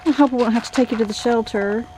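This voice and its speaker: A slightly high-voiced woman from Texas talks quickly with fairly even intonation over a noisy background. Vlogging outside in the heat on rural property, she calms stray dogs and chats casually to her camera.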